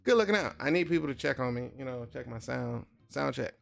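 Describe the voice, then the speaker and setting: A man's voice: medium pitch, a little fast, gravelly, faint music behind. A man streaming his digital drawing, chatting casually and joking with his viewers. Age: adult with a son. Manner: chatty, joking, talks to chat directly. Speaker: digital art livestreamer. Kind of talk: casual livestream chat while drawing.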